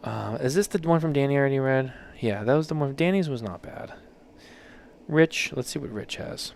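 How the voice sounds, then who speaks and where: A male podcast host with a middle pitch reads listener submissions aloud during a casual chat, reacting loosely and jokingly and swearing freely. His delivery is at normal speed, with a creaky, slightly mellow quality.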